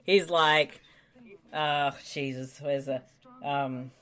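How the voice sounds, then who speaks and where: A woman's voice: low-pitched, steady tone, drawn-out words, a bit bright. A woman co-hosting a casual movie commentary podcast, playful and giggly. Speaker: podcast co-host.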